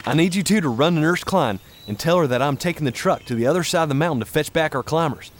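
An actor playing a fatherly camp leader who gives calm instructions. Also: fairly high pitch, quick pace, slight background noise, lightly acted.

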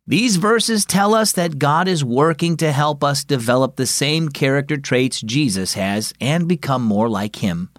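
A man reading as a calm, gentle father. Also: a little high, a little slow, hardly any pauses, dry recording, studio quality, natural voice. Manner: patient, teaching tone. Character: calm, gentle father leading family devotions.

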